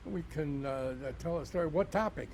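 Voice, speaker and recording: A man's voice: fairly high pitch, moderate pace, a little mellow, a little hiss or hum. A man who performs as a storyteller, chatting casually with many fillers and a lilting telling voice. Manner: rambling with fillers, lilting when telling tales.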